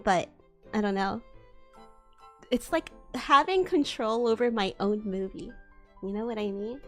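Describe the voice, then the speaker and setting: A woman's voice: fairly high pitch, unhurried, fairly bright tone, soft background music. A woman streamer chatting casually, rambling and giggly, with many restarts. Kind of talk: casual chat.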